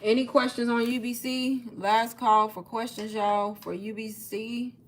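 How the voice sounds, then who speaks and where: A young woman talks straight to her livestream viewers in a loose, chatty pitch, calling them "y'all" again and again. She sounds a bit out of breath as she keeps urging people to ask questions in the chat. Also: little pitch movement, measured pace, slight background noise. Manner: chatty, says "y'all" constantly. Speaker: online course seller hosting a livestream. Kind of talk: casual livestream sales pitch.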